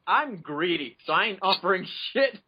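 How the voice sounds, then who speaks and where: A man's voice: high-pitched, lively intonation, moderate pace, slightly rough. A man joking and laughing as co-host of a casual podcast chat. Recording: dull lo-fi audio with faint noise.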